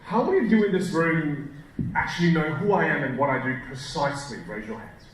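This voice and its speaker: A man's voice: a little high, very animated, a little fast, far from the mic, slight background noise. A man in his thirties gives a keynote as a self-deprecating, playful storyteller in a large hall. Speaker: keynote speaker. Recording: echoey hall, crowd laughter.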